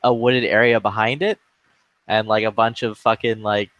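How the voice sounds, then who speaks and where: A man's voice: lowish voice, flat delivery, normal speed, fairly bright tone, dry recording, dull audio. A young man telling a school story in casual chat, laughing and swearing as he goes.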